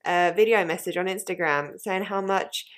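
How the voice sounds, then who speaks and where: Animated, laughing woman podcast co-host. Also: on the low side, normal speed. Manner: animated, laughs easily, playfully indignant. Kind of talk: casual chat.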